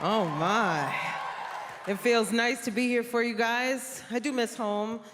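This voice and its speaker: A woman from New York's South Bronx doing an animated stand-up set, teasing playfully with loud bursts, on a theater stage before a live audience. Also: on the high side, normal speed. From South Bronx, New York. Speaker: stand-up comedian. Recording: reverberant hall with loud crowd noise.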